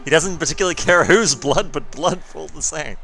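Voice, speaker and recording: A man playing against a friend in a video game, relaxed and wry about his own bad luck. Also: on the high side, fairly quick, creaky, a little hiss or hum. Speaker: opposing gamer. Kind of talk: casual gameplay banter.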